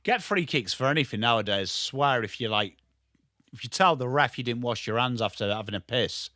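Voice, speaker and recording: A man with a strong Yorkshire accent giving live football watchalong commentary, excitable and sweary, chatting to viewers by name. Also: medium pitch, a little fast, no echo, clean studio sound. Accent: Yorkshire English. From Yorkshire, England. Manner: excitable, sweary banter addressed to chat viewers. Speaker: watchalong streamer.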